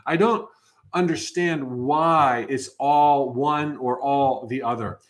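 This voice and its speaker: A man's voice: medium pitch, takes it slowly. A man in his fifties hosting a live motivational workshop, upbeat and enthusiastic, often restarting his phrases. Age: 50s.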